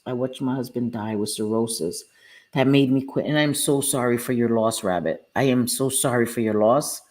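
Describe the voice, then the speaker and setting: A woman's voice: rumbling low, normal speed, a little mellow. A woman hosting a live stream, talking candidly and earnestly to her viewers about her recovery and answering them by name. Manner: earnest, heartfelt, reads out viewers' names. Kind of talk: candid casual talk to viewers.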